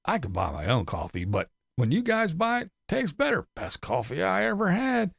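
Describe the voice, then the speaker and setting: A man's voice: high-pitched, wildly swooping pitch, normal speed, creaky, a bit bright, no echo, pitched above the performer's own voice, heavily acted. A man mocking someone by putting on the voice of a whiny, self-pitying older van dweller who complains and curses. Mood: smug.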